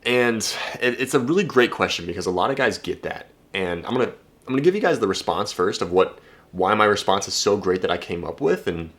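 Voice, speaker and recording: A young man talking casually to camera as a dating coach, blunt and energetic, swearing freely and restarting his sentences. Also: on the low side, a little fast. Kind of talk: casual direct-to-camera talk.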